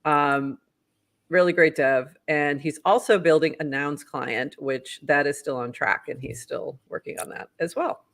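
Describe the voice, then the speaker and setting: An upbeat podcast co-host with a Boston accent, chatting and reading posts aloud in a bright, forward tone. The pitch sits mid-range, and the talk is loose and friendly, with easy laughter. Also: steady tone, measured pace.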